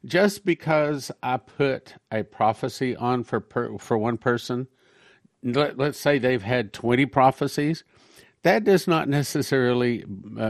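A man's voice: mid-range voice, no room sound, clean studio sound. A man, a pastor, giving a conversational sermon-style talk on prophecy, reading quotations aloud between his own remarks.

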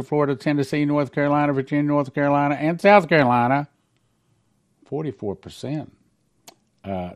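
A man's voice: fairly high pitch, a little mellow. Emphatic man commenting on prophecies. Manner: emphatic, preachy, stresses key numbers.

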